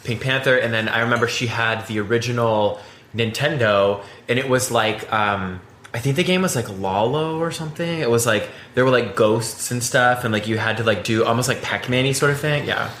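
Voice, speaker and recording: Man, podcast co-host, gushing, crisp bright tone, roomy sound. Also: medium pitch, slight background noise. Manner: excitable, gushing, quick to laugh. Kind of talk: casual chat.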